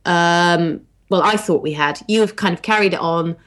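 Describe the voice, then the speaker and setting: With a lowish, fairly bright voice at a moderate pace, an English podcast co-host keeps the chat casual and teasing, filling it with plenty of fillers.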